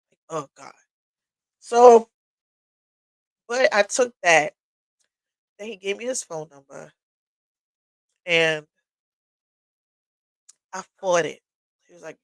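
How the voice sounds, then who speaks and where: A woman sharing a personal story on a livestream, candid and blunt, tearful and sniffling. Her voice has a gravelly edge, and the sound is dry and close. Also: fairly low pitch, a little slow, pauses often, no room sound, rough recording. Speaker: livestream host. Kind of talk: personal testimony talk. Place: home workshop.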